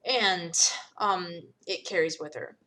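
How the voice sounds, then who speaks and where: A young woman game developer giving candid, halting casual commentary, full of pauses and fillers. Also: on the low side, bright, forceful tone.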